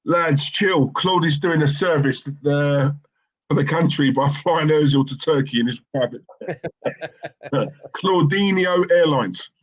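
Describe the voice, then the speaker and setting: A man's voice: on the high side, unhurried. Joking man on a dull stream. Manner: joking, laughs often, teasing. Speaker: co-host of a live football stream. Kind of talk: casual banter and viewer chat.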